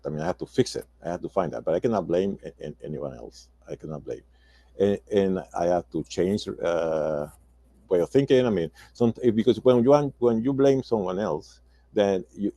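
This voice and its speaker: Gravelly older man, halting non-native English. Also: sits low, mellow, dry recording. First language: Spanish. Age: 60s. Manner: halting, repeats words, non-native phrasing. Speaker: roundtable guest. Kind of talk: casual discussion.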